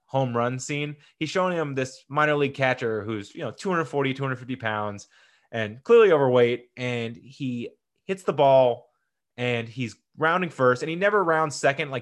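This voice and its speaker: Young male host, casual and excitable, loud bursts then quiet asides, mid-pitched voice. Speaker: host ranking sports movies. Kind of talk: casual enthusiastic commentary.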